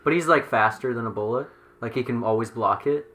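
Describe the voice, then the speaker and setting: A man's voice: mid-range voice, a little fast, pushed and bright. A man co-hosting a podcast, chatting casually and teasing his co-host with playful questions. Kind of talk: casual comic book chat.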